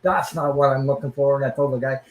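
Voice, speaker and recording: A man's voice: mid-range voice, little pitch movement, quick pace, rough recording. A man hosting a tarot livestream, chatting casually and rambling with many fillers, sounding tired.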